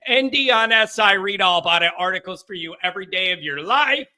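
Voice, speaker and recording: A man running his own call-in sports show talks in a loose, rambling way, poking fun at himself as he goes. His voice sits high and rings sharp and bright. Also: lively intonation. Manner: rambling, self-deprecating, quick laughs. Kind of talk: casual sports talk monologue.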